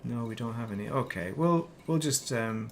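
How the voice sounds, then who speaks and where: A man's voice: medium pitch, animated, normal speed, slight background noise. Grumbling British man streaming a game. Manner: grumbling, muttering and swearing at the game. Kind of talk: casual gaming commentary.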